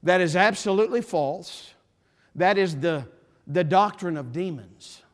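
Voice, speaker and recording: A man preaching a sermon as pastor, impassioned, repeating phrases and building to forceful emphasis. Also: high-pitched, unhurried.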